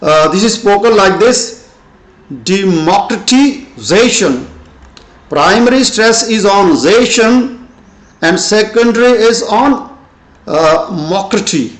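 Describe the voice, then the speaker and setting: Slow, high-voiced older man teaching English. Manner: slow and deliberate, with frequent "uh" pauses. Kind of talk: pronunciation lesson. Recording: echoey room.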